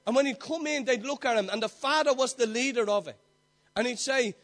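Very high-voiced earnest male preacher. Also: a little fast, a bit bright. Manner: earnest, builds through repeated phrases; asks the congregation direct questions. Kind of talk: sermon.

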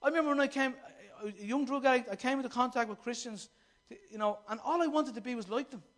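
Very high-voiced man preaching. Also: fast talker, fairly bright tone. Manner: fervent, rhetorical questions to the congregation; acts out quoted voices mid-sermon. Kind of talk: impassioned sermon.

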